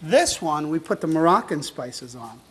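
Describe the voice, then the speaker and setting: A man's voice: a little high, very animated, moderate pace, a bit bright, low-quality recording. Chatty, encouraging cooking show host, a man. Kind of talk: upbeat instructional cooking demo. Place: show kitchen at the stove.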